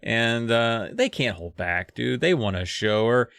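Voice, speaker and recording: Lively man loosely retelling a story. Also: mid-range voice, measured pace, vocal fry, clear, resonant tone, no room sound, clean studio sound. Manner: loose retelling with fillers and swearing. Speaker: podcast co-host. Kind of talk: casual comedic plot recap.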